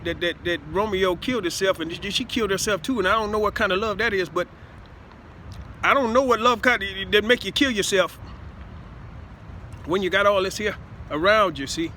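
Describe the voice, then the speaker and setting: Casting note: man, high and bright voice, halting off-the-cuff monologue, faint street noise behind. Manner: halting, full of stammered repeats and "see?". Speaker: self-styled speaker addressing listeners. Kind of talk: rambling improvised monologue.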